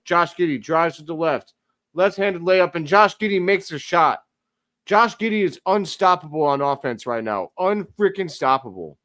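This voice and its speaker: A man hosting a live stream, giving casual play-by-play commentary as an excitable fan who talks to his chat. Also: a little high, dry recording, clean studio sound.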